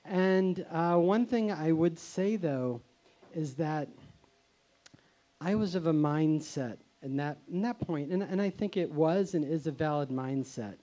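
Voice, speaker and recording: A man telling a personal story live on stage as a show host, measured and hesitant. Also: on the high side, dark tone. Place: stage before a live audience.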